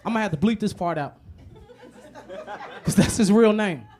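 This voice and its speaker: High-voiced man doing profane stand-up. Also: normal speed, background noise. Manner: animated, profane storytelling with many repetitions; mixes low, muttered asides with loud punchlines. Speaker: stand-up comedian. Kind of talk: stand-up comedy set.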